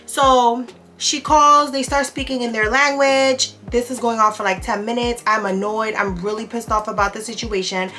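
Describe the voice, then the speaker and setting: A woman beauty vlogger telling a story in a casual, animated and exasperated way while she does her makeup. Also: a little high, normal speed, soft background music.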